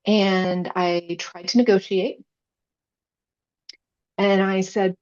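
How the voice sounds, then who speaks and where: A woman's voice: medium pitch, fairly even intonation, slow pace, pauses often, darkish tone, muffled recording. A woman podcast guest, a chaplain, telling her personal faith story in an earnest, emotional way.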